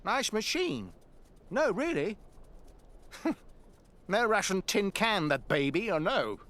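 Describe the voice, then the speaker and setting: A leering, sneering thug. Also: male voice, high voice, sing-song, slow pace, a bit bright, exaggerated voice. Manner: sneering and mocking, chuckles often. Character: leering, crude male thug brother. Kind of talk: video game voice acting.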